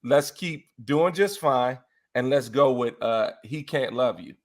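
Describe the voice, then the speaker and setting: Appearing as a guest in a relaxed conversation, this R&B-loving man speaks a little slowly in a mid-range voice. He's animated throughout, laughing frequently and singing bits of songs.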